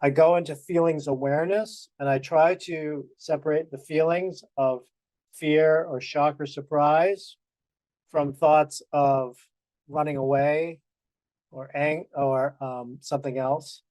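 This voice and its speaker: A man with a fairly high voice talks earnestly through his own practice, pausing and drawing out the words that matter to him. The sound is dry and close, as on a video call. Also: fairly even intonation, a little mellow, no room sound. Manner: earnest, reflective, slows down on key phrases. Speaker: practice group participant. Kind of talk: personal sharing in a practice group.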